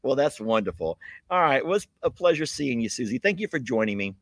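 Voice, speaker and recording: A man's voice: medium pitch, big pitch swings, brisk, a bit bright, dry recording. A man hosting a livestream, chatting casually and folksily with a guest. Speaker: livestream host. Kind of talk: casual live chat with a guest.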